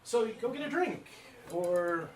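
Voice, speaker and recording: His voice is high, expressive and a little slow as this man co-hosts a live podcast stream, rambling along and making fun of himself to fill the time.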